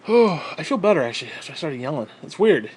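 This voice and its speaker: A high-voiced man rants into the camera, short of breath, swearing constantly as he vents bitterly. His pitch sits well above most men's. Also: big pitch swings, moderate pace, husky. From New York State. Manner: profane, bitter ranting. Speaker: vlogger. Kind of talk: ranting vlog monologue.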